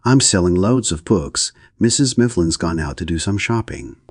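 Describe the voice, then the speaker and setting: A man's voice: deep voice, animated, moderate pace, breathy edge, no room sound. A man voicing a cheerful, carefree young woman who answers blithely. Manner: blithe, chirpy.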